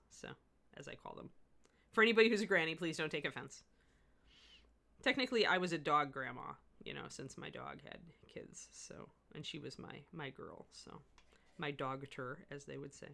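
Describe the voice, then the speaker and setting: A woman's voice: deep voice, moderate pace, gravelly, sharp tone. A middle-aged woman giving a live miniature painting demo, chatting and laughing with her viewers as she works. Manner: chatty, rambling, laughs often.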